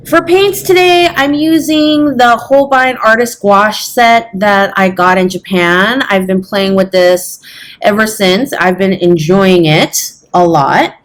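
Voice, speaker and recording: A woman teaching fashion illustration in a chatty, casual tutorial, teasing herself and checking in with "okay?". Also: medium pitch. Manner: chatty, self-teasing, says "y'all" and "okay?".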